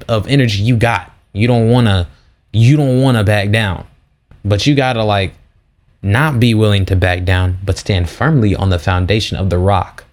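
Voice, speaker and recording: A young man hosting a faith podcast, telling stories in a casual, slangy, animated way. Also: on the low side. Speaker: podcast host. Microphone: podcast mic.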